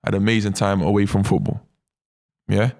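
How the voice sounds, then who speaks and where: Gravelly-voiced man telling stories animatedly. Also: on the low side, brisk. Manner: animated storyteller, many fillers and tag questions. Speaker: footballer guest. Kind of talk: casual interview chat.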